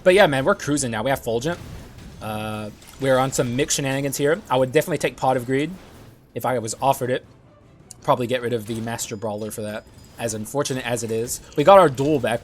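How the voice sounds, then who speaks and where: A young man giving casual gameplay commentary, excitable and swearing often, clearing his dry throat now and then. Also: medium pitch, fast, faint music behind. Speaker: gaming YouTuber.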